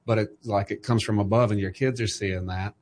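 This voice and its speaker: Low, flat-voiced middle-aged man. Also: a little fast, a little hiss or hum. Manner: earnest, faith-centered reflection. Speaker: podcast host. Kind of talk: casual podcast conversation.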